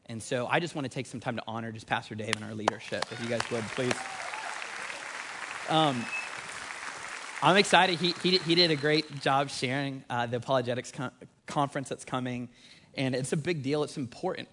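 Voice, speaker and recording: A man in his thirties preaching a sermon with energetic, conversational emphasis that rises on key points. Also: mid-range voice, moderate pace, a crowd in the background, background noise. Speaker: pastor.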